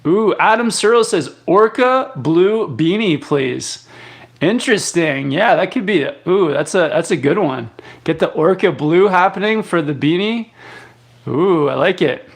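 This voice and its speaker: With a high-pitched, creaky voice and a measured pace, a young Canadian live chat host reads viewer comments aloud. His responses are relaxed and rambling, dotted with fillers and restarts.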